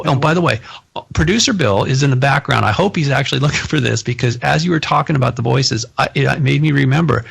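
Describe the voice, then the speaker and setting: Gravelly-voiced animated male host. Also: mid-range voice. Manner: animated storyteller who laughs often. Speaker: podcast host. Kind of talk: casual conversation.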